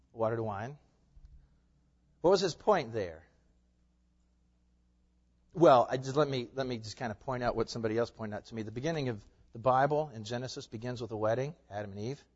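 A male pastor preaching an impassioned sermon, firing off rhetorical questions and swinging between hushed and loud passages. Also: mid-range voice. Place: church sanctuary. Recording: dull lo-fi recording with long hall reverb.

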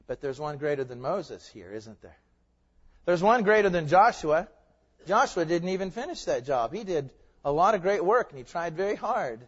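A man's voice: on the high side, very animated, normal speed, slightly rough. Male preacher, emphatic sermon delivery, echoing church sanctuary, dull sound. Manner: emphatic, rising to fervent peaks. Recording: muffled sound with long hall reverb.

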